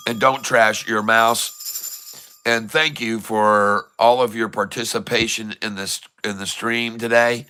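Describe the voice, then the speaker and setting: A man hosting a casual livestream, chatting warmly and reading out where viewers are from. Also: fairly low pitch, steady tone, measured pace, a little hiss or hum. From Michigan. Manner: chatty, reads out viewers' locations. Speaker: livestream host.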